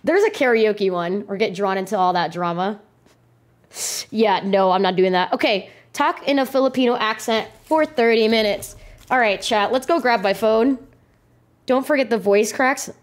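A young woman streamer chatting casually to her viewers, giggly and excitable, and she swears freely. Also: medium pitch, moderate pace. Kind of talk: casual live-stream chat.

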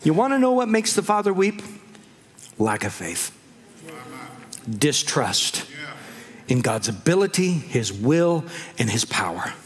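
A middle-aged male pastor preaching a sermon in a church, animated, acting out quoted voices and laughing often. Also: a little high, takes it slowly, long pauses, in a large hall.

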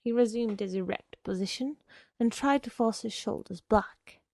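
A woman reading a short story aloud in a measured, unhurried way. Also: fairly high pitch, a little mellow, no room sound. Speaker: reader.

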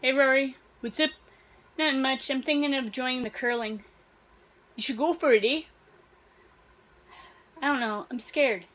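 A woman performing comedic skits, trading quick short lines between several characters. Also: high voice, a bit bright, poor audio. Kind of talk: comedic skit dialogue.

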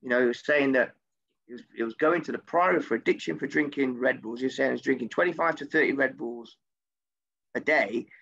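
Gravelly ex-footballer, animated storyteller. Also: male voice, mid-range voice, brisk. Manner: animated, swears freely, voice jumps up when quoting himself. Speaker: former footballer. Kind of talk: casual storytelling anecdote. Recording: dull lo-fi recording.

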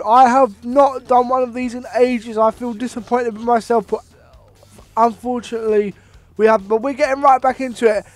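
Young man, from Ireland, casual game commentary, excitable, swearing, very high-pitched. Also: no room sound. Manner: excitable, swearing, mock ring-announcer bursts. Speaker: gaming commentator.

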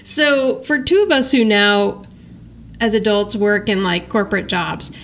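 A woman's voice: medium pitch, measured pace, slight background noise. A woman co-hosting a podcast, chatting casually and laughing as she recaps a sitcom episode. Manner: animated, quotes characters in paraphrase, laughs often. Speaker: podcast co-host.

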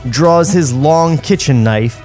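A man reading the stage directions aloud in a comedic table read, steady and plain with dry asides. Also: on the high side, takes it slowly, soft background music. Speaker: script reader and narrator.

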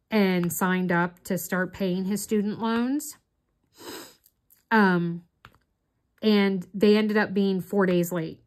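A middle-aged woman chatting casually as she works on her diamond art, telling a long story in a rambling, chatty way. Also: medium pitch. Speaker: crafting vlogger. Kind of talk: casual chat while doing diamond art.

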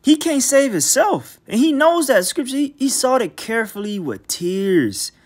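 A man with a fairly high voice works through scripture in a loose, street-level teaching style. He reads each verse aloud, then breaks it down in blunt, profane slang and keeps returning to "man" for emphasis. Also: big pitch swings, moderate pace. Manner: emphatic, repeats filler "man". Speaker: bible teacher.

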